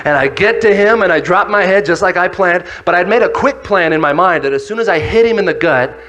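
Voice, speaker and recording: A young man gives a motivational talk to young people, acting out his story with voices and shouts. His voice sits high. It has a bright, forceful edge. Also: fairly quick, faint music behind. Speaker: youth speaker.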